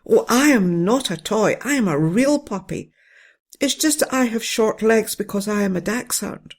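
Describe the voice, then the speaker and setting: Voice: medium pitch, expressive, moderate pace, gravelly, pitched above the performer's own voice. A storyteller voicing a small, polite male dachshund puppy who is close to tears in a bedtime story. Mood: earnest.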